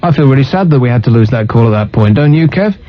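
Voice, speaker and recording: A man's voice: mid-range voice, lively intonation, quick pace. A man hosting a radio phone-in, dry and teasing with callers. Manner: dry, teasing, mock-sorrowful. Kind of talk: late-night talk radio phone-in. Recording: muffled radio broadcast audio.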